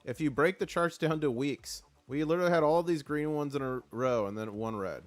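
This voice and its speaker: Excitable man hosting a live stream. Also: fairly high pitch, brisk. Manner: excitable, rallying chat, reads comments aloud. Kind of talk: casual live-stream market commentary.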